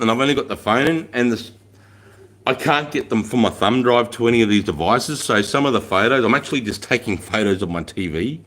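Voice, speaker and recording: A man's voice: medium pitch, fairly bright tone. A middle-aged Australian man hosting a casual livestream, talking bluntly with plenty of swearing and slang. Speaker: livestream host.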